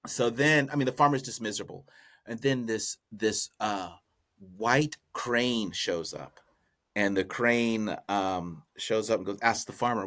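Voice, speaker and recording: A man's voice: on the low side, a little slow, a bit bright. Man casually retelling a folk tale. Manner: rambling, amused retelling. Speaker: podcast host. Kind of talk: casual comedic storytelling.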